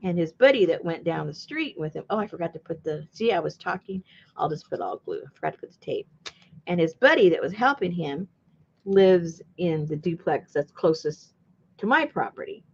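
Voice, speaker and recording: A woman's voice: fairly low pitch, expressive, normal speed, vocal fry, highs cut off, a little hiss or hum. A woman chatting casually while she crafts. She tells a long rambling story, laughs often and acts out what people said. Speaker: junk journal crafter and channel host.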